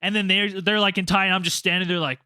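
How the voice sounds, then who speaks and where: A man with a high, bright voice spins a crude story in casual podcast chat, swearing freely and raising his voice to act out what people said. The sound is close and dry. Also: fast, smooth, dry recording. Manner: animated, profane, acts out quotes loudly. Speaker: podcast co-host.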